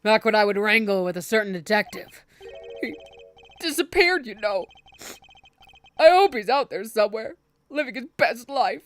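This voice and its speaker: Brief: woman voicing a grandfatherly older man, theatrical and sentimental, slightly high for his age. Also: lively intonation, normal speed, pauses often, natural voice. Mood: nostalgic. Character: genial older male committee chairman, sentimental.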